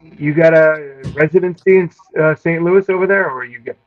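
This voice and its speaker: A man in his fifties, a guest bass player, chatting with dry, understated humor. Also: fairly quick, highs cut off. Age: 50s. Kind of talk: casual interview chat.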